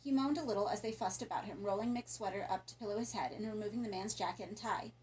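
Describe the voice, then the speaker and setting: A woman reading a horror story aloud in a calm, even narration. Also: medium pitch, fast talker, slight background noise, rough recording. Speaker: audiobook narrator.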